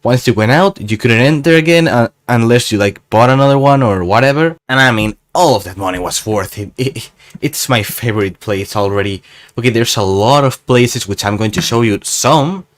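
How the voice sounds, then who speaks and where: A man's voice: mid-range voice, normal speed. A young man from Spain, chatting casually in a travel vlog in a rambling, self-mocking, jokey way. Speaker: gaming YouTuber.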